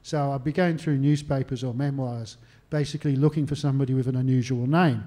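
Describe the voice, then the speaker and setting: An Australian historian and author answers interview questions on stage at a literary venue, telling anecdotes with self-deprecating humour and acting out phone calls. His medium-pitched voice is brisk and mellow, with fairly even intonation.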